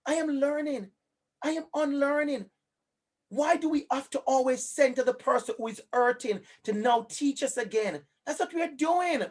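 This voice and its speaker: A man with a Jamaican accent gives a live online lecture in an extremely high-pitched voice at a moderate pace. He is animated and emphatic, turning to a colleague by name.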